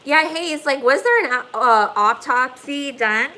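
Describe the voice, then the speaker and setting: A woman's voice: sits high, animated, measured pace, sharp tone, slight background noise, rough recording. A woman hosting a casual livestream from her phone, rambling and swearing, with lots of "like" fillers. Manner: rambling, profane, heavy "like" fillers. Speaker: livestream host.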